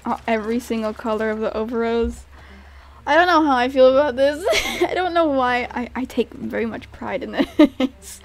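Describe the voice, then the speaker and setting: High-voiced giggly woman gamer. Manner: chatty, giggly, excitable outbursts. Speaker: gaming channel host. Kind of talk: casual gameplay commentary.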